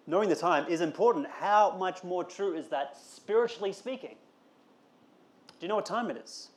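A man's voice: high voice, lively intonation, normal speed. A man preaching a conversational sermon, asking rhetorical questions and building to emphatic calls. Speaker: pastor.

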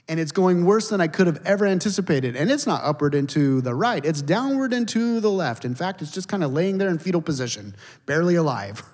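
A male pastor delivers a sermon in a fairly high voice, moving between loud, animated emphasis and quiet, intense passages. His voice carries the long reverb of a large hall. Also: fairly quick.

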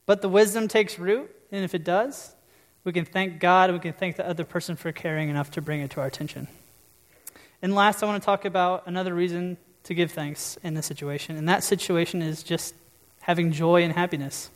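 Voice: mid-range voice, fairly even intonation, a little fast. A preacher giving a conversational sermon, often checking in with the audience with questions. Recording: long reverb.

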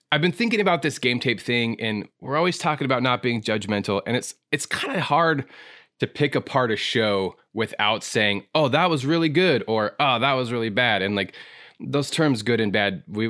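A man's voice: on the low side, animated, moderate pace, a bit bright, dry recording, studio quality. A man hosting an improv podcast in casual chat, talking in a chatty, reflective and self-teasing way.

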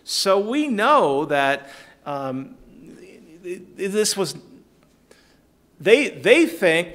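A man leading a Bible study in a relaxed, conversational way, retelling verses in everyday words and calling on listeners by name. His fairly high voice swings widely in pitch, and he chuckles often as he explains. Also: extremely slow, long pauses. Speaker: Bible teacher.

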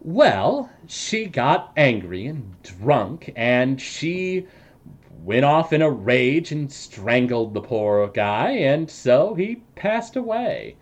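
Slow, hesitant man game master. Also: mid-range voice, sing-song. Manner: hesitant, many fillers, joking. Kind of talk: narrating a tabletop game.

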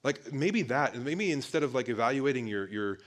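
A man's voice: medium pitch, animated, normal speed. A man preaching a casual sermon to a young audience, talking conversationally, often calling listeners "guys" and restarting phrases.

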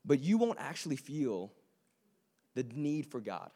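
A man's voice: medium pitch, big pitch swings, unhurried, warm tone. A man preaching a sermon to a live room, earnest and conversational, with joking asides to the audience.

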